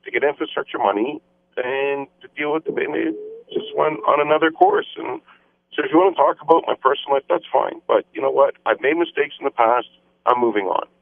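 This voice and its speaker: A man's voice: medium pitch, a little fast, creaky, dry recording. Man on a tinny phone line. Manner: emphatic, repetitive campaign talking points. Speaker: mayor, phone-in guest. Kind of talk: radio phone interview. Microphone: telephone.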